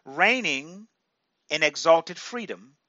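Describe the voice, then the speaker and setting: A man preaching in a slow, deliberate sermon cadence with a bright, slightly high voice. He repeats his lines for emphasis and swings between quiet stretches and sudden loud bursts. The sound is dry and a little muffled. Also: animated, no echo.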